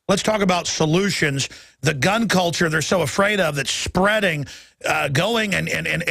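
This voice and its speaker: A man hosting a talk radio show, talking fast and stumbling over repeated words as he lines up topics with a guest. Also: fairly high pitch, vocal fry, sharp tone, dry recording. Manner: rapid, restarts with repeated words.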